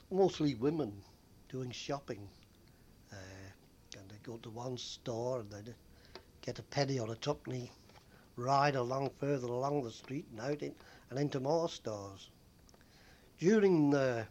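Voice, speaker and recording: An older man telling stories from his days as a bus conductor, rambling with frequent pauses and fillers. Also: medium pitch, darkish tone. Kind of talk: oral history reminiscence.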